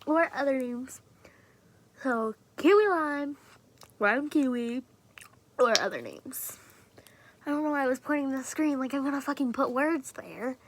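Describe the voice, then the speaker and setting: A woman's voice: high-pitched, normal speed, slight background noise. A woman vlogger chatting casually to camera about her fidget toys, rambling, swearing freely and often dropping into a whisper.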